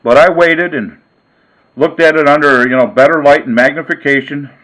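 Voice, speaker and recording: A man's voice: fairly high pitch, moderate pace, poor audio. Folksy man telling a story. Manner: folksy, relaxed anecdote telling. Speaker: sports card vlogger. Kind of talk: casual storytelling.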